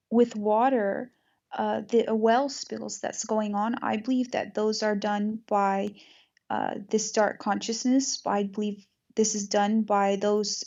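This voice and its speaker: A woman's voice: mid-range voice, gravelly, a little mellow, dull audio. A woman hosting an interview, talking earnestly in long flowing runs in a casual spiritual conversation. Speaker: podcast host.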